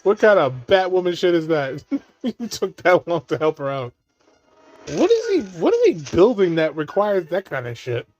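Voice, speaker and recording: A man's voice: sits high, huge pitch swings, moderate pace, highs cut off. A man giving casual watch-along commentary on a movie, laughing often and swearing freely as he riffs jokes.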